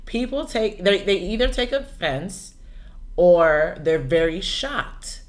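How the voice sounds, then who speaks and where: A woman's voice: on the low side, takes it slowly. A woman co-hosting a casual conversation, chatty and opinionated as she reacts and weighs in.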